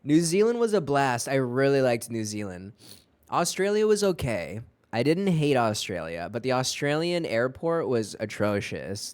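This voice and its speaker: A man streaming from home, chatting casually with viewers in a rambling, profane, animated way. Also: mid-range voice, dry recording.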